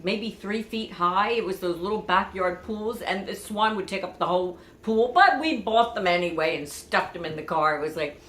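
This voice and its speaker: A woman's voice: medium pitch, animated, normal speed, few pauses, fairly bright tone. A woman chatting through family memories in a meandering, conversational way, full of asides. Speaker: vlogger. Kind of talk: personal storytelling. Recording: echoey room.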